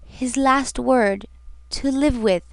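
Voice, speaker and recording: Female reader voicing a heartbroken young woman: soft, faltering murmur, smooth and close. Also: sits high, expressive, measured pace, no room sound.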